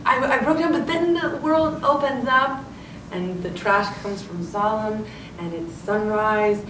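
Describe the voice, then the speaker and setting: A woman in a press interview tells her story in bursts, restarting her sentences as she goes. She sounds set back from the mic in a roomy space. Steady noise sits under her voice. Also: medium pitch, a little slow. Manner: animated storytelling with many restarts. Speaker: actress. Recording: roomy, distant, noisy.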